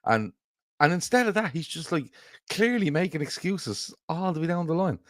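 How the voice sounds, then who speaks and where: A man co-hosting a football fan show in casual chat, laughing easily and putting on mock phone calls in a lower voice. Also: sing-song, normal speed, no room sound, clean studio sound. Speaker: football podcast co-host.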